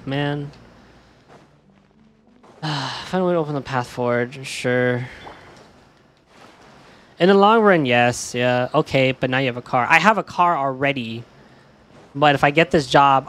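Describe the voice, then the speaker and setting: A young man streaming a game from home, chatting casually while upset and stressed, swearing often and saying "dude", with stretches that drop to a mumble. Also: medium pitch. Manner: swears a lot, says "dude", often trails off quiet.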